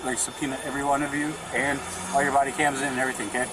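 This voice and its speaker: A man's voice: mid-range voice, level tone, very fast. A man being detained at a roadside stop, talking in an agitated, insistent, argumentative way. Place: outdoors by a roadside traffic stop. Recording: noisy outdoor street bodycam audio.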